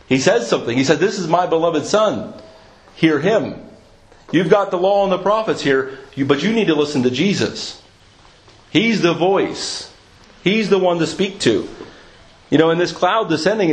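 A man preaching a sermon, earnest and questioning, restarting his sentences often. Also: a little high. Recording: echoey room.

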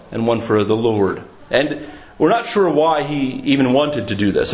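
A man preaching a sermon, earnest and questioning, restarting his sentences often. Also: medium pitch. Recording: echoey room.

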